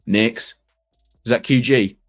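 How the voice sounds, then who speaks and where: A man's voice: medium pitch, slow, soft background music. A man in his thirties, rambling and self-deprecating as he chats through a live stream. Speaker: fantasy basketball streamer.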